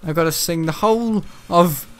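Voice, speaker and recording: A man's voice: medium pitch, normal speed, soft background music. Rambling man gaming. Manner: rambling, chatty, laughs often, excitable outbursts. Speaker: gaming channel host. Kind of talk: casual gameplay commentary.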